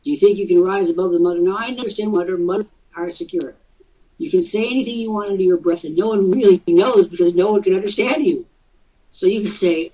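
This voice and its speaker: Man, host, teasing coaching chat, husky, muffled far-off audio. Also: high voice, a little fast, darkish tone. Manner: jokey, teasing, breaks into mock voices. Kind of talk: casual coaching talk.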